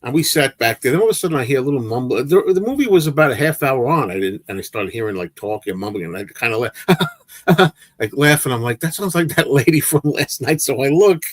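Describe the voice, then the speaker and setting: A man hosting a casual movie chat livestream, telling an animated anecdote with frequent restarts and repeated words. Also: medium pitch, brisk, no echo. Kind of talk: casual storytelling to a live chat.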